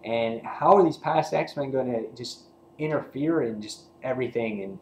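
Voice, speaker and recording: A man casually reviewing a comic book, excited and rambling, with lots of fillers and restarts. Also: medium pitch, moderate pace, echoey room, a little hiss or hum, rough recording.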